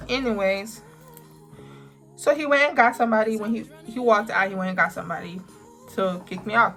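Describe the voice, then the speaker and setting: A young woman vlogger telling a personal story with emphatic, drawn-out words. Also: mid-range voice, bright, forceful tone. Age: young adult. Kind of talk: storytime vlog.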